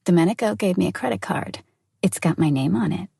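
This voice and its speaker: A woman's voice: fairly low pitch, a little fast, vocal fry, mellow, breathy edge, no echo, full character voice. A woman voicing a brash, sarcastic young best friend who talks bluntly and swears, in an audiobook. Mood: brash, teasing.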